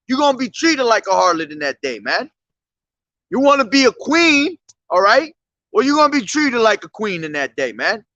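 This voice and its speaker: A man's voice: very high-pitched, pushed and bright, dry recording, highs cut off. A man preaching on the street in a blunt, profane, confrontational way.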